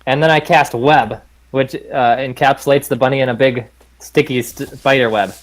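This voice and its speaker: A man taking his turn in a tabletop game, speaking in a middle-pitched voice. He hesitates and reads rules out loud, correcting himself along the way. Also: steady tone, moderate pace, poor audio. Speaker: player. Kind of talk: casual tabletop play.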